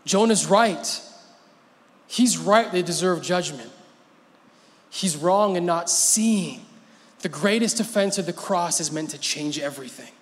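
High-voiced male preacher in a big hall. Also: lively intonation, measured pace, long pauses. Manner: conversational, playful, laughs often. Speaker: pastor. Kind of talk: sermon. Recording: long hall reverb.

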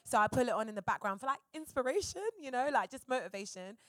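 A comedian telling stories as a guest on a live podcast stage, animated and playing out the voices of the people she quotes. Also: fairly high pitch, fast talker. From England. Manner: animated storyteller who acts out quotes.

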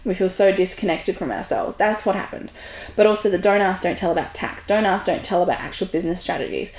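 A woman's voice: on the low side, fast, a little mellow. Blunt, swearing woman. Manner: blunt, frank, swears freely. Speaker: podcast host. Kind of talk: candid monologue. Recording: roomy echo.

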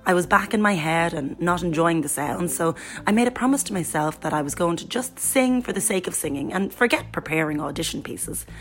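A woman with a somewhat low voice reads a personal account in the first person, as scripted narration. Her delivery is even and storytelling in tone, with faint music playing underneath. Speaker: guest reader voicing a friend's blog.

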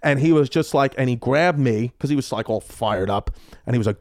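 Animated, profane man telling stories. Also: medium pitch, a little fast, no room sound, studio quality. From New York. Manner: animated, profane, acts out quotes. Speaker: comedian guest. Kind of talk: casual storytelling.

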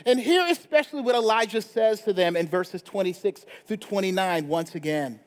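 A man pastor preaching a sermon in a conversational way, often checking in with a quick "right?". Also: high voice. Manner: conversational preaching with frequent tag questions. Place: church sanctuary. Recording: long church reverb.

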